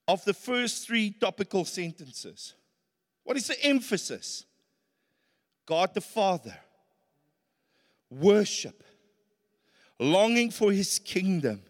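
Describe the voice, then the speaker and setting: South african preacher guy, high voice, gets emphatic, big echoey church sound. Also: fairly bright tone. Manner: earnest, rises to emphatic peaks. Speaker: pastor. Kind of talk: sermon. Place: church hall. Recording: reverberant church hall.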